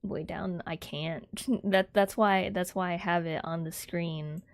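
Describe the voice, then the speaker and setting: Young woman chatting on stream, soft airy voice, giggles a lot, kinda fry-ish, dry sound. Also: on the low side, fairly even intonation, unhurried, no echo. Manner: rambling with many fillers. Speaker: livestreamer. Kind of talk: casual chat with viewers.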